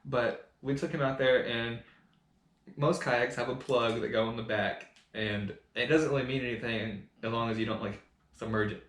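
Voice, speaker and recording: A man co-hosting a casual podcast, telling a story in an animated way and laughing as he talks. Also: medium pitch, normal speed. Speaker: podcast co-host. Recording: echoey room with faint noise.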